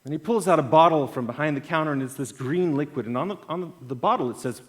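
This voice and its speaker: A man giving a storytelling keynote talk at an event. He swings between loud bursts and quiet asides. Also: a little high, fast. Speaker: conference speaker. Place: event stage.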